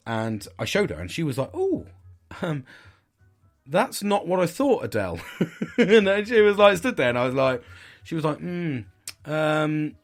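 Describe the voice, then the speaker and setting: Man, middle-aged, low voice, candid swearing, rambling storytelling. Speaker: podcast host. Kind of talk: casual storytelling monologue.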